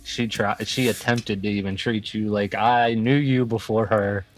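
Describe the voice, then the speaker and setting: A man's voice: on the low side, fairly even intonation, measured pace, faint music behind. A man in his thirties in a casual chat with a friend, blunt and reflective, swearing freely. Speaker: friend of the host.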